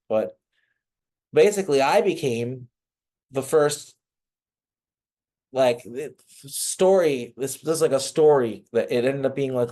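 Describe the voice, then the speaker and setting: A man's voice: mid-range voice, darkish tone. A man, a podcast guest, telling a personal story in a loose, casual way, swearing freely and filling with "like" and "um". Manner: loose and profane, many fillers and restarts.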